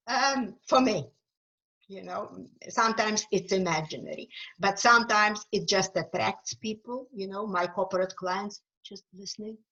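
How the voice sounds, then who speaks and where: Slow-spoken Ukrainian-accented woman on a dull call. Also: mid-range voice, pushed and bright. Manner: earnest, emphatic, with frequent fillers. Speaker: guest speaker, author. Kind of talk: webinar talk answering questions. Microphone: video call.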